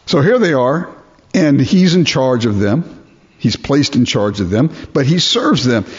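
A man's voice: mid-range voice, lively intonation, measured pace, breathy edge. A man preaching a sermon, reading scripture aloud and explaining it, often asking his listeners rhetorical questions. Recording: dull lo-fi sermon recording.

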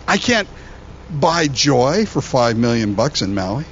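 A man who is a pastor, preaching a sermon in an animated, conversational way, often repeating words as he goes. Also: medium pitch, slow, lo-fi sound, a little hiss or hum.

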